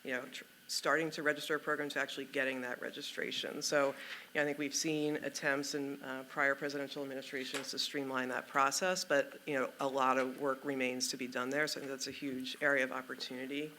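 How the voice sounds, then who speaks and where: Bright-voiced man giving panel remarks. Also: medium pitch, flat delivery, a little hiss or hum. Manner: measured, articulate, with occasional fillers. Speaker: policy panelist. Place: conference meeting room.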